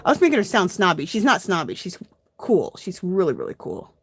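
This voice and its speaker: A woman's voice: lowish voice, wildly swooping pitch, brisk, a little hiss or hum. A woman hosting a casual live art journaling tutorial, chatting to viewers as she works. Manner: chatty, addresses viewers as "you guys".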